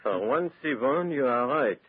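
Suave French crook, cool and commanding; 1940s radio play, husky and narrow-band. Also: male voice, medium pitch, expressive, unhurried. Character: suave French male art thief. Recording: narrow lo-fi vintage radio broadcast.

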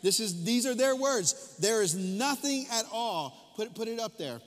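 A middle-aged man preaching a sermon, repeating phrases and swinging from loud, drawn-out lines to hushed asides. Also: high-pitched, lively intonation. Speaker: pastor. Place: church sanctuary. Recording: reverberant church hall.

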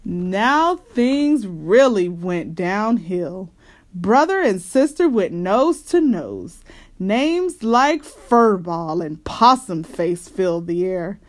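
Slow-reading woman narrating a storybook. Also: medium pitch, sing-song. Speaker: podcast host reading aloud. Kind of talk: storybook read-aloud.

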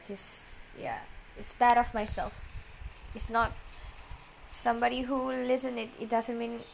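A woman talking straight to her listeners in a personal, confessional monologue. She speaks softly and haltingly, repeats herself and searches for words. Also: mid-range voice, gravelly, slight background noise, rough recording. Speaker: vlogger.

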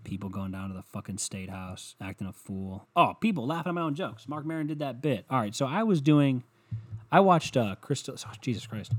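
A man's voice: medium pitch, expressive, brisk. A young adult man rambling and ranting at home, sarcastic and full of swearing, in a solo comedic monologue.

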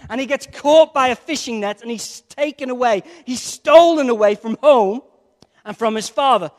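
A man's voice: extremely high pitch, normal speed. A man preaching a sermon in a conversational, jokey way, with playful asides to the congregation. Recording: long reverb of a large hall.

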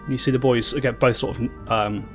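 British male GM, narrating, halting and descriptive, mid-pitched. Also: steady tone, soft background music. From Britain. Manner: halting, descriptive, lots of restarts. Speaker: game master. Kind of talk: narrating a tabletop game.

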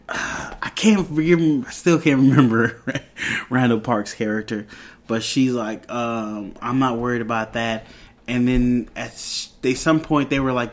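Guy rambling thru a tv episode recap, chill and casual, lots of ums. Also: mid-range voice. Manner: rambling, with many fillers and restarts.

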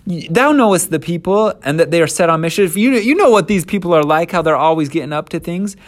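A man's voice: expressive, close to an everyday voice. A man doing a whiny, excuse-making old priest. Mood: defensive. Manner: pleading, high and fast, casual slang.

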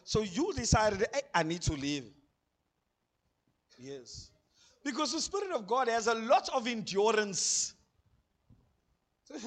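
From the pulpit, a South African pastor with a notably high voice for a man preaches into a handheld mic. His delivery is animated, with laughter and voices he acts out.

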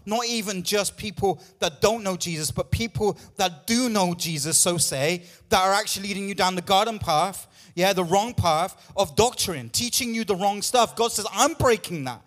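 A man's voice: sits high, normal speed, hardly any pauses, fairly bright tone, faint music behind. A man pastor preaching a sermon with emphatic, repetitive lines, out of breath at times.

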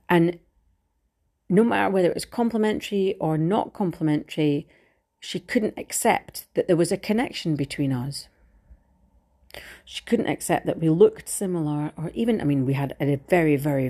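A woman's voice: lowish voice, dark tone. A middle-aged woman talking frankly and at length in a candid personal monologue, rambling and swearing casually. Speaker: vlogger.

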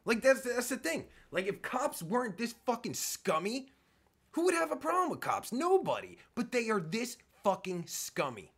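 A heated host ranting over a clip, swearing at every turn. The voice swings widely up and down in pitch and has a husky, slightly breathy edge. The delivery is fierce, scornful and unfiltered. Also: wildly swooping pitch, moderate pace, fairly bright tone. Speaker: reaction video host. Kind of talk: angry profane commentary.

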